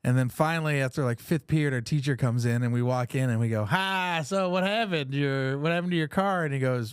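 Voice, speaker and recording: A man hosting a podcast, telling stories in a relaxed way and laughing often. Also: medium pitch, brisk, clean tone, dry recording, studio quality. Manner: laid-back storyteller, laughs often. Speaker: podcast host. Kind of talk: casual chat.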